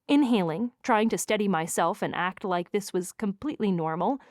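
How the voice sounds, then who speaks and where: A woman narrating a first-person romance audiobook in an expressive, wry manner. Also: medium pitch, normal speed, no echo, clean studio sound.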